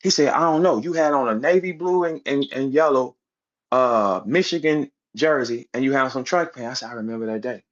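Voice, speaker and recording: A man in a heated, profane rant, calling out a rival and mocking him with quick impressions. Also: mid-range voice. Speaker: battle rap personality on a live audio space. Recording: muffled lo-fi stream audio.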